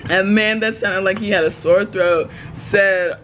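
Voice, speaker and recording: A woman's voice: medium pitch, steady tone, measured pace, highs cut off, noisy background. A woman reading her own story aloud, breaking off with giggles and joking asides. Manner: giggly, breaks off to laugh and comment.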